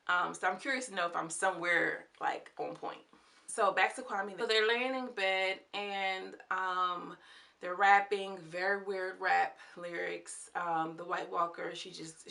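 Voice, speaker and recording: Lively woman recapping a TV episode. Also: on the low side, creaky. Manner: animated, chatty, exclamatory slang. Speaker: TV show reviewer. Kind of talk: casual recap and commentary.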